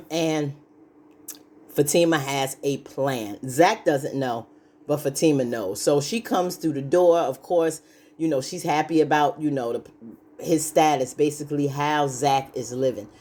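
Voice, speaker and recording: A woman's voice: deep voice, unhurried, darkish tone. A woman giving a casual, chatty recap of a TV episode, full of "you know" fillers and acted-out lines from the characters. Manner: acts out characters' lines while retelling. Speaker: show recap host.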